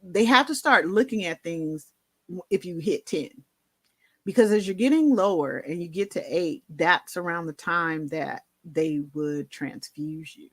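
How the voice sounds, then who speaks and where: Woman vlogger, lowish voice, candid chatty storytelling, dry close sound. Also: a little slow, no room sound. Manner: candid, conversational, many fillers and asides. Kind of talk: personal storytelling to camera.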